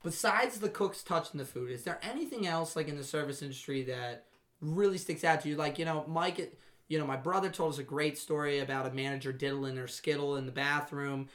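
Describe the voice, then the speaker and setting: Woman host from Maryland, very low voice, teasing and steering a loose chat. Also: brisk. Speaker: podcast host. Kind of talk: casual podcast chat.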